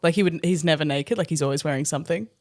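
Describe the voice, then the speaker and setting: Animated woman telling a story. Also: deep voice, rapid-fire. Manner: animated, laughs through the story, swears casually. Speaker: podcast co-host. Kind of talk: casual storytelling chat.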